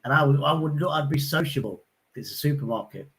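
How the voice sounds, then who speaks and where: A man's voice: a little high, quick pace, fairly bright tone, slight background noise. A man hosting a casual livestream chat, laid-back and chipping in with short comments. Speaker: livestream host.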